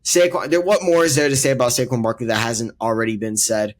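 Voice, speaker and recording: A man's voice: mid-range voice, fairly even intonation, fast talker. A man co-hosting a casual sports debate podcast, earnestly laying out his rankings with emphatic repetition. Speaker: podcast co-host.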